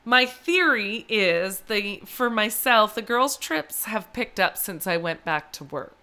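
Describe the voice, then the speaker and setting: Bright, clear-voiced chatty woman. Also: mid-range voice, expressive, slow pace. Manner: chatty storyteller, laughs often. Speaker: podcast co-host. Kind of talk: casual chat.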